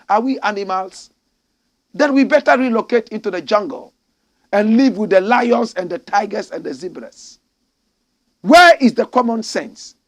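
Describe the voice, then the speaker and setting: Ghanaian guy ranting about politics, high voice with a rough gravelly edge, keeps firing off questions. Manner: fiery, indignant, rhetorical questions, addresses listeners as brother and sister. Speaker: political commentator. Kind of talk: impassioned political commentary.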